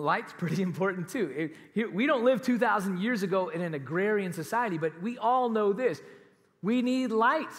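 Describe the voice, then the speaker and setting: A man's voice: high-pitched, fairly bright tone, long reverb tail. A man preaching a sermon as pastor, emphatic and conversational, with laughs and casual asides. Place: church auditorium.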